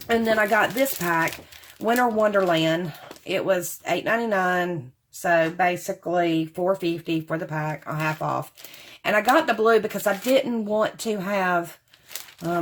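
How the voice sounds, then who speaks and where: A woman's voice: lowish voice, a little hiss or hum. A woman, chatting casually to camera about craft supplies she bought, rambling and calling her viewers y'all. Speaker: craft haul vlogger.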